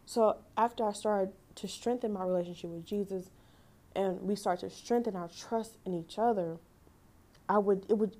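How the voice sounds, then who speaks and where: Young woman doing a faith podcast, mellow warm voice, earnest and emotional, keeps correcting herself. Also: medium pitch. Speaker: podcast host. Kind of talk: casual devotional talk.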